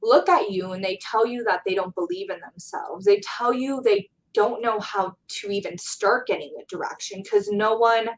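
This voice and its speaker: A woman's voice: mid-range voice, moderate pace, hardly any pauses, rough recording. A young woman, a college student in her Gen Z years, talking earnestly and heartfelt as an interview guest about motivating students. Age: young adult. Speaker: guest speaker. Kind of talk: casual interview chat.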